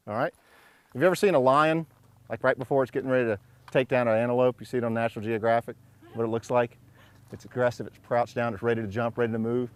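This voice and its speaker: A man's voice: mid-range voice, dry recording. A middle-aged man coaching young shooters at an outdoor range, joking with them and calling out drill commands.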